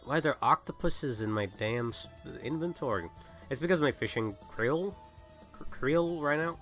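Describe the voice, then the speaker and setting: A man's voice: medium pitch, expressive, moderate pace, a bit bright, faint music behind. A young man who is sick, chatting casually and rambling while livestreaming a game. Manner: rambling, self-interrupting. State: sick, coughing. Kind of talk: casual gaming livestream chat.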